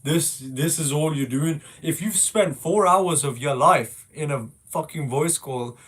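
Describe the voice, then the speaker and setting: A man hurls profane insults in a game voice chat, mocking and relentless. His voice sits high for a man. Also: unhurried, fairly bright tone. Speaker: gamer in a voice call. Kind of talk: casual trash talk.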